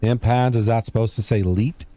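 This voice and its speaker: A man's voice: mid-range voice, fairly even intonation, moderate pace, mellow, no echo. A young man streaming a game, chatting casually, reading chat aloud and muttering as he plays. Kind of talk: casual gameplay commentary.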